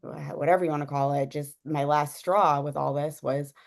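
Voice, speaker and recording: A woman's voice: low voice, fairly even intonation, moderate pace, vocal fry. A young woman telling a personal story in a casual, rambling way, with many fillers and frequent laughs. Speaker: guest sharing a personal story.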